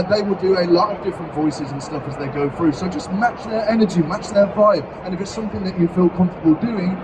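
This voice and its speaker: A man's voice: high voice, far from the mic, noisy background. A man co-hosting a live convention talk on tabletop character creation, rambling and hesitant, with many fillers and self-corrections. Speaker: co-host teaching character creation. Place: convention stage.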